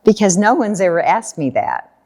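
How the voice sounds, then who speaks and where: Lively American woman telling a story. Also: mid-range voice, normal speed. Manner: animated, laughs often, acts out quotes. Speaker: guest storyteller. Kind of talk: casual anecdotal storytelling.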